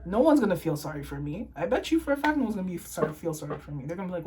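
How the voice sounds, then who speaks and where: A woman's voice: fairly low pitch, very animated, very fast, background noise. A young woman from Toronto, Canada, tearful and impassioned, ranting and swearing in an emotional to-camera vlog monologue. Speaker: vlogger.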